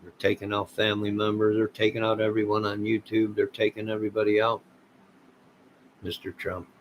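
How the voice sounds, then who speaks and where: A man's voice: lowish voice, completely flat delivery, fairly quick, slight background noise, low-quality recording. A man streaming live late at night, rambling in a conspiratorial way and talking straight to his chat.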